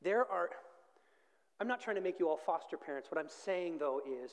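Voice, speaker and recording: A man's voice: high-pitched, animated, moderate pace. Dynamic preaching man, reverberant hall. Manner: dynamic preaching, swings from hushed to shouting. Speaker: pastor. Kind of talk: sermon. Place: large church hall.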